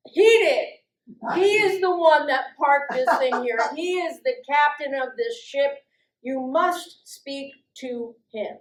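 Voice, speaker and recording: A middle-aged woman tells a long personal story in an unhurried way, her voice sitting a little high and swinging up when she acts out other people. Her words carry the ring of an echoey room. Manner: lively, acts out quoted voices with big jumps in pitch and loudness. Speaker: storytelling guest speaker.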